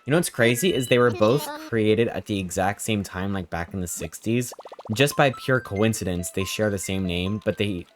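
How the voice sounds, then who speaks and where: A man's voice: fairly low pitch, moderate pace. A man streaming a game, playful and jokey as he chats with his viewers. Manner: playful and jokey, chatting with chat. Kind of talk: casual gameplay commentary. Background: game music.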